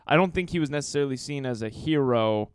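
A man's voice: mid-range voice, lively intonation, quick pace, slight background noise. A man co-hosting a podcast, retelling a play in a loose, swearing, laughing way with plenty of ums. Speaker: podcast co-host telling the story. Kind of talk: casual chat.

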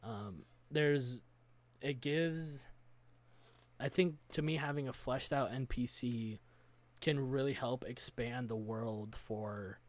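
A man with a mid-range voice talks about his tabletop game in a casual podcast chat. He sounds earnest and works through his thoughts out loud. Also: mid-range voice, slow pace. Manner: earnest, thinking aloud. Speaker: game master, podcast co-host.

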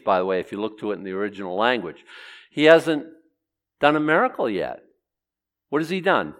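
A man preaches a conversational Bible lesson in a brisk, sing-song, mid-range voice with long pauses. He's chatty, puts questions to his listeners, and acts out the quotes he reads.

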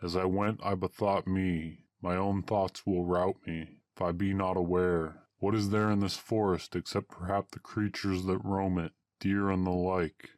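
A man narrating a first-person adventure story aloud in old-fashioned, archaic wording, at a steady storytelling pace. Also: deep voice, a little slow, few pauses, no echo, studio quality.

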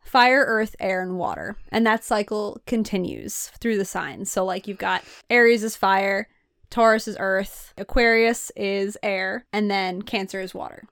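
A woman's voice: mid-range voice, animated, unhurried, a bit bright, smooth, dry recording, clean studio sound. A woman co-hosting a casual chat, patiently explaining with a giggly, loose manner and lots of "like". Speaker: podcast co-host.

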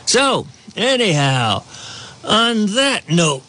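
A man's voice: high-pitched, sing-song, drawn-out words, pushed and bright. A man hosting a talk radio show, giving an opinionated monologue that rambles, with frequent chuckles and restarts. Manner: rambling, chuckles often, many restarts and fillers.

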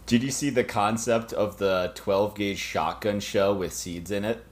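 A man co-hosting a casual podcast discussion, relaxed and quick to laugh, swearing now and then. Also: fairly low pitch. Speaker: podcast co-host.

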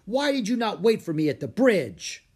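A man voicing a kindly old male poet who speaks in a gentle, formal way. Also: fairly high pitch, very animated, normal speed, husky. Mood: urgent.

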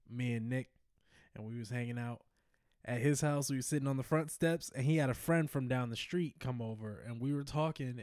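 A man co-hosts a laid-back podcast in a smooth, slightly mellow mid-range voice, recorded dry with clean studio sound. He rambles through a long story, laughing often and acting out quotes.

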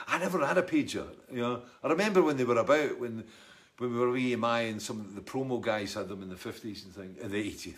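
A middle-aged Scottish man and musician, chatting casually and wryly as he reads out and answers viewer comments. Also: fairly low pitch. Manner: rambling, chatty, wry. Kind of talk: casual live chat reading comments.

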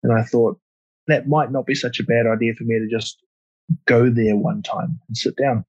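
A man hosting a casual podcast interview, relaxed and asking reflective questions. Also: mid-range voice, normal speed, husky, dry recording. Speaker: podcast host. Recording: dull dry lo-fi audio.

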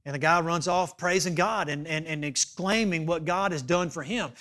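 This pastor's sermon is emphatic, moving from hushed asides up to loud appeals, with frequent "okay?" check-ins. He speaks at a normal speed in a voice on the high side.

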